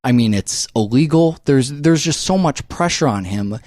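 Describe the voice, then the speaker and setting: A man co-hosting a podcast in a studio, talking about movies in a casual, animated way and swearing freely. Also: medium pitch, moderate pace, no room sound. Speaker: podcast co-host. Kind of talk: casual film chat.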